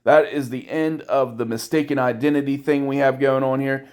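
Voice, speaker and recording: A man giving a casual, irreverent episode recap, with crude jokes and quick voiced asides for the characters. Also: mid-range voice, little pitch movement, darkish tone, clean tone. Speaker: anime reviewer.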